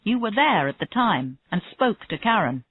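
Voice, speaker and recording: A woman reading a calm, persistent female detective. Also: medium pitch, moderate pace, slightly rough, pitched above the performer's own voice. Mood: probing. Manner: steady, pressing questions. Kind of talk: reading a graded story aloud. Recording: tinny phone-like audio, dry.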